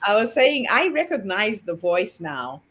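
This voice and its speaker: A woman's voice: medium pitch, very animated, a little slow, a bit bright. A woman candidly sharing a childhood story on a video call. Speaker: summit participant.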